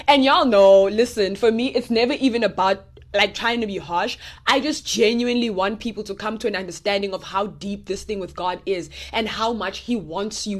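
A young woman with a slightly high voice gives a casual Bible teaching online. She speaks in a direct, animated way, addressing her listeners as y'all and pressing her points home.

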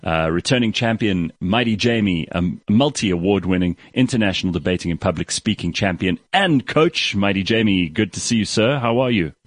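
Deep-voiced male show host. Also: no echo, clean studio sound. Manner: brisk, introduces guests. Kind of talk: talk show hosting.

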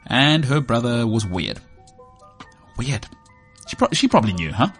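A man's voice: medium pitch, very animated, measured pace, faint music behind. A man in his thirties with a South African accent, hosting a sports show as a rambling, joking, self-mocking monologue. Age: 30s. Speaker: sports podcast host.

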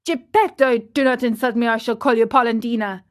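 A woman's voice: on the high side, fairly even intonation, fairly quick, natural voice. A woman voicing a surly, stubborn old carpenter in a storybook reading. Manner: surly, denying.

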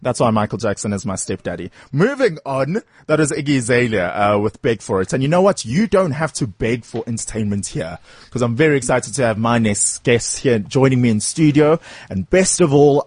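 A man's voice: medium pitch, darkish tone, husky, dry recording. A male radio host interviewing a band in the studio, playful and theatrical, joking with his guests.

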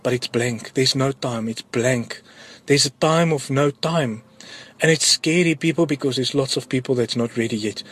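South african guy, husky voice, earnest and urgent, telling his church testimony. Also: medium pitch, moderate pace, a bit bright. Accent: South African English. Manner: earnest, urgent, repeats words for emphasis. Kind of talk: personal testimony of a vision.

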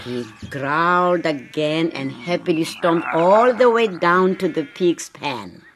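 Woman reading a kids' story aloud, low voice, unhurried, bit of hiss. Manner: slow, clear and measured. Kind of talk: scripted children's story narration.

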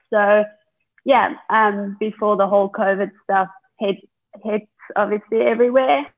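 Brief: friendly South African woman guest, husky voice, heard over a tinny phone line. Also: mid-range voice. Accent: South African with a slight Australian tinge. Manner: friendly, laughs easily, uses many fillers. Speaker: guest, hockey player. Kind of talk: interview answers.

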